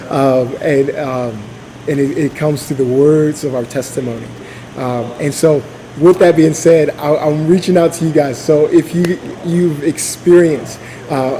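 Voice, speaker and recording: Halting casual man giving a sermon. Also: fairly high pitch, warm tone, a little hiss or hum, poor audio. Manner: casual, halting, many fillers and restarts. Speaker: church leader. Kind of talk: informal sermon talk. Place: church.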